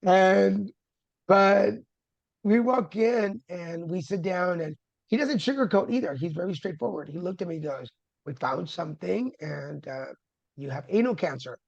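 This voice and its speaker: A man's voice: high-pitched, lively intonation, measured pace, gravelly, no echo. A man sharing his cancer story as a guest, candid and humorous, with dramatic retellings. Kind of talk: personal storytelling. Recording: dull lo-fi dry sound.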